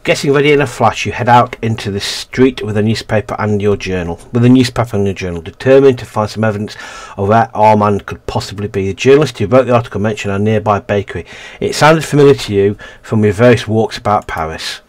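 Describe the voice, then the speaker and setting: A man's voice: lowish voice, quick pace. A man casually reading a narrative game's text aloud and commenting, often stumbling and correcting himself. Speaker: let's-play gamer.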